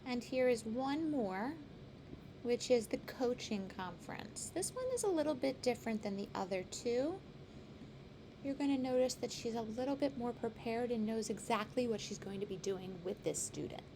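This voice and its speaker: A woman with a slightly raised pitch narrates an instructional workshop for teachers. Her delivery is measured and explanatory, walking through each point in order. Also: noisy background.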